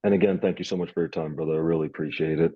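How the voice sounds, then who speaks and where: A young man hosting a casual interview, telling stories in a rambling, animated way. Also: very deep voice, very fast, no room sound, narrow, tinny audio. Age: young adult. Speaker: host.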